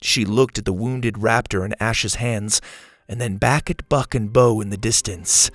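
A man's voice: fairly low pitch, a little slow, no echo. A man narrating a children's story and thanking listeners as host of the show.

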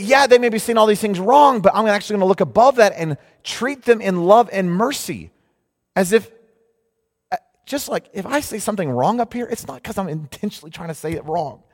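Animated high-voiced preacher in a hall. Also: male voice. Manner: animated, mocking voices in quotes. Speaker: pastor. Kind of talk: sermon. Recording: long hall reverb.

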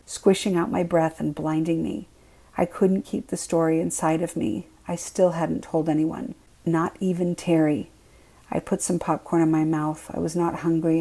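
A woman reading her own memoir aloud in the first person, quiet and measured. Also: sits low, creaky, low-quality recording.

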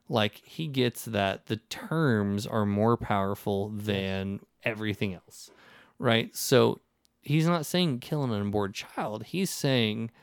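A man's voice: medium pitch, takes it slowly, clear, resonant tone, no echo, clean studio sound. A man hosting a casual podcast conversation, talking in long rambling stretches with many restarts and acting out the people in his stories. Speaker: podcast host.

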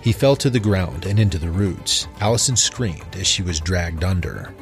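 Low-voiced man narrating a horror story. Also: animated, normal speed, soft background music.

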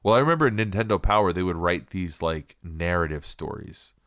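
A man's voice: deep voice, expressive, fairly quick, a bit bright, no echo, clean studio sound. A man in his thirties co-hosting a podcast, chatting casually and jokingly with lots of fillers. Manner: joking, rambling with many fillers. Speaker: podcast co-host. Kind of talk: casual chat.

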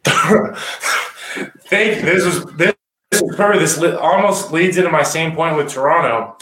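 Animated man with roomy echo. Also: on the high side. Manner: animated, acts out players' talk in quick voices. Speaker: rugby analyst, former captain. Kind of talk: casual sports podcast analysis.

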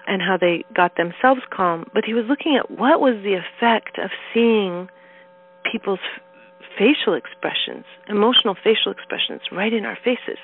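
A woman neuroscience educator, a guest in an interview, telling her story with animation and acting out quoted voices. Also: mid-range voice. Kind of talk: conversational interview. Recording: tinny phone line.

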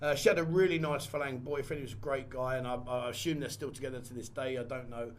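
A man's voice: mid-range voice, steady tone, fast talker. A man vlogging a candid personal story in a rambling, conversational way and repeating phrases. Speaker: vlogger and photographer.

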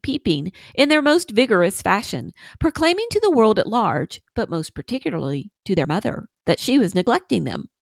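A woman reads a children's story aloud with a lively, sing-song delivery, her pitch rising and falling all through each line. Her voice sits in a middle range. The sound is close and dry, with no room around it. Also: no echo. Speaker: podcast host reading a story.

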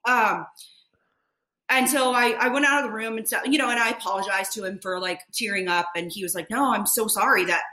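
Candid, bright-voiced woman nurse in an echoey room. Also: fairly high pitch, steady tone, brisk. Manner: candid, lots of filler, swears freely. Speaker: nurse guest. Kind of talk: casual storytelling.

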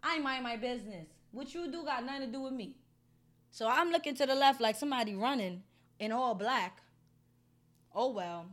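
High-voiced, blunt woman. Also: expressive, moderate pace, a bit bright. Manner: blunt, heated, heavily profane. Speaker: storyteller recounting an assault. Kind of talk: casual storytelling.

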